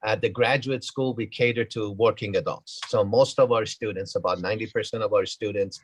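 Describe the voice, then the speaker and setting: A man, a graduate school dean, answering interview questions in a measured, explaining way. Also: lowish voice, steady tone, slightly rough, no echo, low-quality recording.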